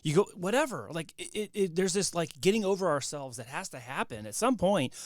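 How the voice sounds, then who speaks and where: A man's voice: high-pitched, lively intonation, brisk, no echo, clean studio sound. A man in a casual podcast conversation, talking emphatically and encouragingly with many likes. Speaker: videographer guest.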